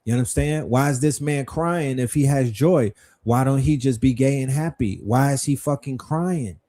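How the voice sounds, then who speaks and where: Mellow-voiced man hosting a livestream. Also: mid-range voice, moderate pace. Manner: rhetorical, questioning, profane. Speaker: livestream host. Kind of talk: livestream commentary.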